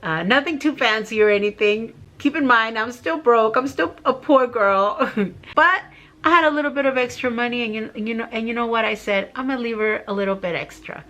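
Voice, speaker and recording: A woman's voice: on the high side, fast talker, few pauses, pushed and bright. A middle-aged woman vlogger telling a heartfelt personal story to her viewers, tearful and rambling with fillers.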